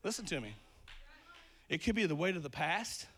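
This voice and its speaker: A man preaching a sermon with lots of energy, swinging between loud emphasis and quiet asides, a bit out of breath. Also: a little high, big pitch swings, moderate pace, breathy edge.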